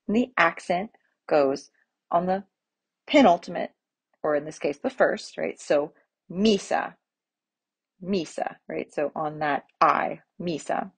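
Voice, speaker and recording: A woman teaching pronunciation in a relaxed spoken lesson, patient and explaining step by step with examples. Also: fairly low pitch, husky. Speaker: Latin teacher.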